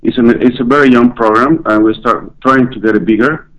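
A man speaking as a cardiac surgeon on the phone, halting with restarts. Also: mid-range voice, a bit bright, dull audio. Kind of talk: phone interview.

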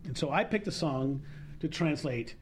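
A woman's voice: sits low, lively intonation, moderate pace, noisy background. A woman performer talking in an interview, rambling and self-mocking, with frequent restarts. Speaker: guest performer and singer. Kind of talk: casual interview chat.

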